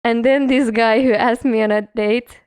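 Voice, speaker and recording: A woman's voice: fairly high pitch, fairly even intonation, moderate pace, darkish tone, smooth. A woman co-hosting a casual hospitality podcast, chatting about her front desk job with frequent giggles. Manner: giggly, self-deprecating, lots of laughter. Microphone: podcast microphone.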